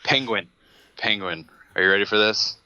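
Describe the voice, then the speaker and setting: A man's voice: lowish voice, normal speed, bright, forceful tone, clear, resonant tone, no room sound, lo-fi sound. A man co-hosting a podcast, chatting casually and hesitantly, often restarting his sentences. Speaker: podcast co-host. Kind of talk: casual chat.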